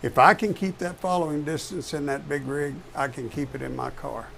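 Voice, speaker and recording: A man's voice: a little high, a little fast, vocal fry, a bit bright, slight background noise. Emphatic trucker man. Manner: emphatic, repeats key words. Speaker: professional truck driver guest. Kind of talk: casual talk show chat.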